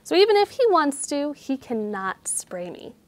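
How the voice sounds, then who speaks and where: A woman nature educator reading a picture book aloud and teaching children about animals, speaking gently. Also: high-pitched, big pitch swings, moderate pace, dry recording.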